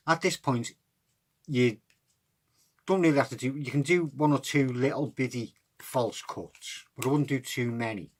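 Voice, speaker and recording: Man, husky, mid-pitched; relaxed card trick tutor talking through each step. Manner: relaxed, chatty instructions.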